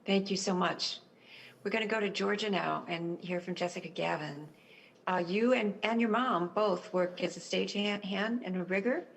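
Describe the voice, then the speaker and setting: A woman moderating, briskly introducing the next speaker on a video call. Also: medium pitch, gravelly, poor audio.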